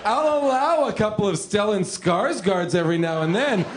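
A man with a high, lively voice hosting a comedy podcast. He riffs in a mock-indignant, exasperated way and laughs through his lines. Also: normal speed, noisy background. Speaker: podcast host. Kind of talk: casual comedic movie discussion.

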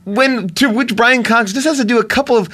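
A man co-hosting a casual podcast chat about a movie, rambling and excitable, piling on comic asides. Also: very high-pitched, brisk. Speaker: podcast co-host.

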